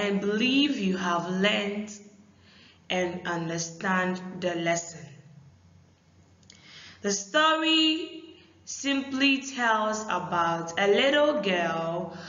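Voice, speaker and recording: A woman teacher reading a story aloud to young pupils and explaining its lesson, in a slow, deliberate way. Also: lowish voice, a bit bright. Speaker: primary school teacher. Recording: echoey, muffled room recording.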